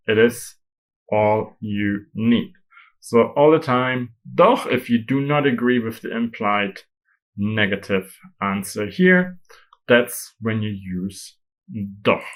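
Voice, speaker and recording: A man's voice: medium pitch, a bit bright, low-quality recording. Man teaching a grammar lesson. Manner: explains slowly with German examples. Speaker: German teacher.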